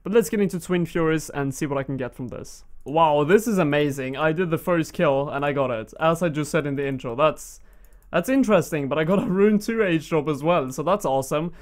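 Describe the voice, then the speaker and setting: Young man, Swedish accent, gameplay commentary, rambling and chatty, slightly high voice. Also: brisk. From Sweden. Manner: chatty, rambling, with frequent fillers. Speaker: gaming YouTuber.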